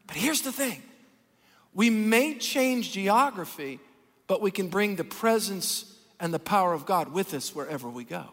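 A man preaching a sermon as pastor, animated and folksy, acting out the people he talks about. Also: high-pitched, unhurried. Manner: animated, folksy, acts out Bible characters. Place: large church hall. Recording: long reverb of a church hall.

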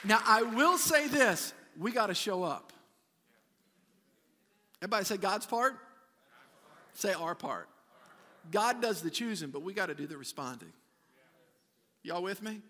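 A pastor preaches to his church in a high, ringing voice. He keeps the sermon chatty, stumbling over repeated words and turning often to the congregation. The reverb of a large hall trails behind every phrase. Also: expressive, a little slow, long pauses, pushed and bright, some chatter behind. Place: church sanctuary.

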